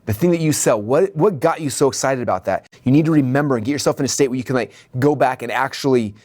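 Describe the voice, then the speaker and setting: Male business coach, quick and energetic delivery, acts out dialogue in his stories, middle-range pitch. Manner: energetic, checks in with "okay?" and "right?". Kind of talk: training lesson.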